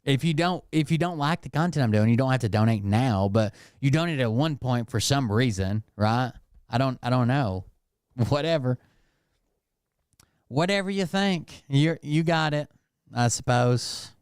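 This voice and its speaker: A man's voice: mid-range voice, normal speed, a little mellow, clean tone, no echo, studio quality. A man doing casual, sarcastic live-stream commentary, mocking and swearing as he reacts.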